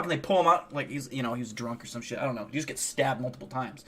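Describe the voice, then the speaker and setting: A man's voice: medium pitch, quick pace. A man co-hosting a stream, telling rambling, profane stories in casual chat. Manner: profane, animated rambling storyteller. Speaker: stream co-host.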